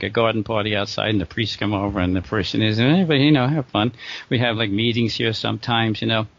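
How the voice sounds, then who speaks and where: A man's voice: mid-range voice, no echo. Middle-aged guy telling his story, rambly, starts over a lot, dry muffled sound. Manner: rambling, with restarts and short laughs. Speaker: guest telling a true story. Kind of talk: casual storytelling.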